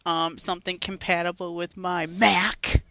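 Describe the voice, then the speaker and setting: A woman's voice: on the low side, level tone, a little slow, pushed and bright, dry recording. A young woman co-hosting a casual gaming podcast, giggly and self-mocking. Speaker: podcast co-host.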